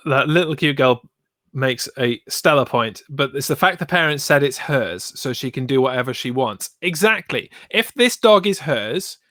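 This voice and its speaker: A man's voice: mid-range voice, animated, normal speed, a bit bright, no echo. A man co-hosting a podcast in casual chat, laid-back and wry, summing up the verdicts. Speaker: podcast co-host.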